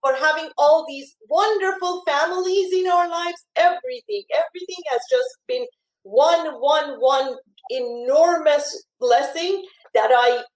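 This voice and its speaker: A woman speaking emotionally and haltingly, often repeating words as she voices her gratitude. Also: sits high, reverberant, poor audio. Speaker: longtime staff member being thanked. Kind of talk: emotional heartfelt conversation.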